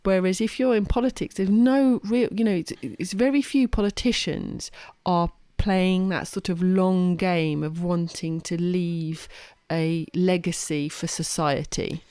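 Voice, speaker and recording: Podcast co-host, woman, lowish voice, dry sound, emphatic and self-correcting. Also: fairly even intonation, a little slow, mellow, no echo. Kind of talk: casual podcast chat.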